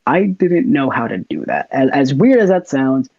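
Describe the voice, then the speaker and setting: This young adult from the United States, a podcast guest, speaks in a medium-pitched, gravelly, darkish voice whose pitch swoops wildly. He talks at a normal pace, easygoing and laughing at times, in dull lo-fi audio with no echo.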